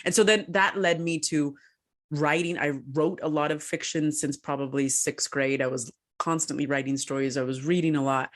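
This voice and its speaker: A woman co-hosting a podcast who tells her story in a casual way, animated and laughing often. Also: low voice, moderate pace. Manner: animated, laughs often, acts out quoted voices. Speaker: podcast co-host and researcher.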